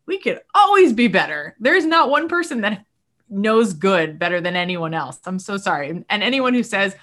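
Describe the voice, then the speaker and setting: A woman talking as a guest on a podcast, animated and emotional, acting out quoted voices as she speaks. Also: medium pitch, normal speed. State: moved to tears at times. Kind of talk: casual podcast conversation.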